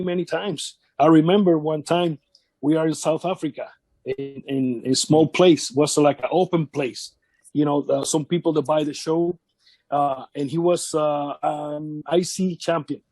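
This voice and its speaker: Man, fairly high voice, dry close sound, halting storyteller, repeats himself. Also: fairly even intonation, darkish tone, no room sound. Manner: halting, repeats words, acts out quotes of others. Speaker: wrestling veteran interviewee. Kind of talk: casual shoot interview storytelling.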